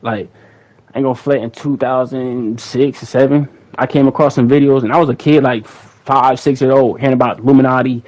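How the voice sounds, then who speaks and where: A man's voice: medium pitch, fairly even intonation, brisk, darkish tone, rough recording. Rambling young man on a livestream. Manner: rambling and slangy, repeats words, talks to chat. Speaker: livestream host. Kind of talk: casual livestream chat.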